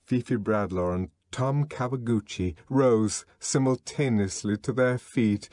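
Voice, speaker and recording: A man's voice: medium pitch, unhurried, hardly any pauses, a little mellow, no room sound, clean studio sound. A man narrating an audiobook in a dramatic, scripted reading.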